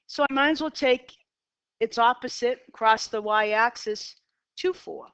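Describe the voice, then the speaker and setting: A middle-aged woman with a Boston accent works through a math lesson, narrating each step as she sketches. Her voice sits a little high and comes through smooth and clear. The recording is dry and slightly dull. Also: measured pace, fairly bright tone, dry recording. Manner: upbeat, talks to herself while sketching graphs. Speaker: math teacher. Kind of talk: classroom lecture.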